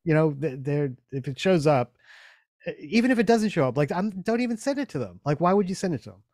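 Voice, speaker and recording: A man's voice: on the high side, sing-song, quick pace, darkish tone, no room sound, clean studio sound. A man co-hosting a casual conversation, reflective and rambling, acting out his own thoughts in quoted asides. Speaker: podcast co-host.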